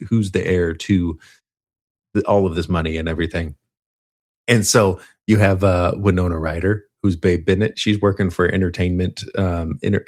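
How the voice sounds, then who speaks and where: A man casually recapping a movie plot on a podcast, rambling and correcting himself, with frequent laughs. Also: sits low. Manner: rambling, self-interrupting, laughs often. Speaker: podcast co-host.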